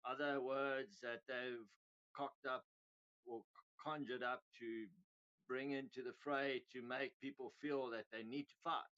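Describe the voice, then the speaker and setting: A man's voice: mid-range voice, fairly bright tone. A middle-aged man hosting a crypto livestream, ranting casually in a profane, rambling, heated way. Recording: dull lo-fi sound.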